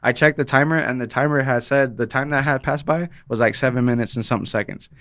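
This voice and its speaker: A man in casual podcast chat, telling a story at a quick clip. He talks fast and acts out the voices of the people in his story. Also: medium pitch, fairly bright tone. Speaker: podcast guest, rapper.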